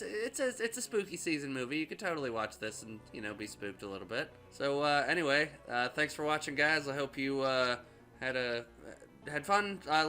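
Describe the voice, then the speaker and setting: A man's voice: on the high side, bright, forceful tone. Rambling, swearing young male reviewer. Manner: rambling, profane, many fillers. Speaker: movie reviewer. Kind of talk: casual vlog commentary.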